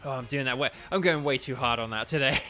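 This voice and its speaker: Chatty bright-voiced man streaming a game. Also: medium pitch, fast, faint music behind. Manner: chatty, rambling, self-deprecating. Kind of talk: casual let's-play commentary.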